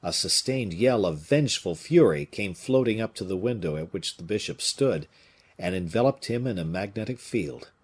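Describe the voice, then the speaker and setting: Male audiobook narrator, husky, lively pitch, dramatic reading. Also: moderate pace. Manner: dramatic, expressive delivery. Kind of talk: audiobook reading of a classic novel.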